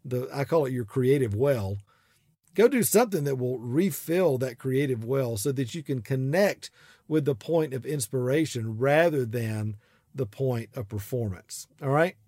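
A man's voice: medium pitch, animated, unhurried, a little mellow, dry recording, clean studio sound. A middle-aged man hosting a podcast in a chatty, casual way, with frequent fillers and restarts. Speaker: podcast host.

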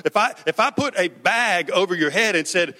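A man's voice: sits high, animated, normal speed, bright, forceful tone. A man preaching a sermon in a conversational way, asking the congregation questions and repeating words as he goes. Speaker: pastor. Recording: echoey hall.

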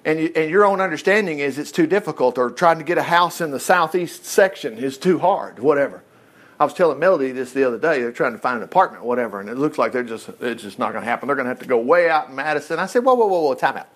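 A man's voice: mid-range voice, fast. A man preaching a conversational sermon in a folksy way, breaking off to act out the scripture dialogue. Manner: folksy, animated, self-interrupting, acting out scripture dialogue.

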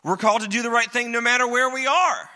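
A man's voice: very high-pitched, fast, bright, forceful tone. A man preaching a sermon as pastor, talking in a conversational, joking way with emphatic repetition. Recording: long reverb of a hall.

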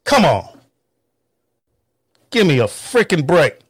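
Angry, profane high-voiced man. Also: big pitch swings, slow pace, slightly rough, dry recording. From North Carolina, US. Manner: profane, heated, emphatic; mocking quoted voices. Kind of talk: angry political rant.

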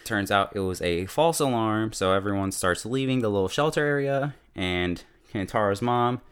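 A man's voice: lowish voice, normal speed, clean tone. A man giving a casual, chatty recap of a TV episode, full of fillers and laughter. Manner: chatty, lots of "like", laughs often. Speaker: show reviewer.

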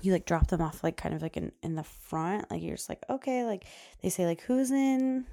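A woman's voice: on the low side, a little fast, gravelly, warm tone, no echo, clean studio sound. A young woman podcast host telling a story in a casual, chatty way, filling her speech with "like" and laughing often.

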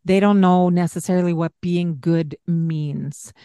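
A woman co-hosting a parenting podcast, calmly explaining and acting out gentle things to say to a child. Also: on the low side, measured pace, clear, resonant tone, no echo, studio quality. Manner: calm, explanatory, acts out gentle parent lines. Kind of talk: conversational advice.

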